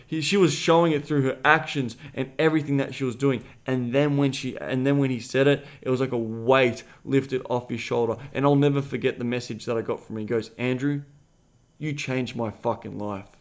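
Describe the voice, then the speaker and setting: A man hosting a podcast as a dating coach, swearing freely and retelling a client's story bluntly, jumping loud and high whenever he quotes himself. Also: fairly even intonation, fairly quick, hardly any pauses.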